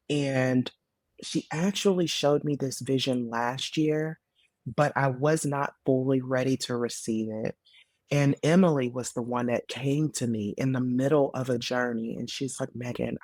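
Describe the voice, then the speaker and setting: A woman in her late thirties, a podcast guest, telling her story in casual conversation, earnest and animated with frequent fillers. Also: very deep voice, measured pace, dry recording, clean studio sound. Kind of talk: casual interview testimony.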